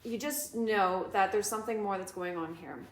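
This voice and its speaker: A woman telling a story in casual chat as a co-host. She is animated and swears freely. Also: medium pitch, normal speed, echoey room.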